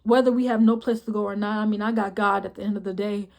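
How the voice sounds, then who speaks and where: A young woman telling a personal story in a casual vlog, blunt and profane, often close to tears, tossing in "boom, boom, boom" as she goes. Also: steady tone, fast, gravelly. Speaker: vlogger.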